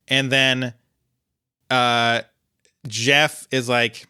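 Man, podcast co-host, casual recap, playful, acts out lines, bright voice, dry close sound. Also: medium pitch, a little slow, no room sound. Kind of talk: casual chat recapping a TV episode.

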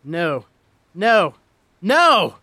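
A man's voice: fairly high pitch, lively intonation, unhurried, pushed and bright, no echo. A man voicing Jack, a fierce and protective giant slayer who growls his words. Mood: frantic shouting. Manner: growling, hardened.

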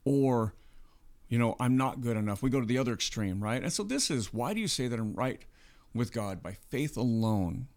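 A man's voice: medium pitch, expressive, normal speed, a little mellow. A man co-hosting a podcast, talking through faith in a casual, earnest way and often checking in with "right?". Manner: earnest, explaining with frequent "right?". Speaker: podcast co-host.

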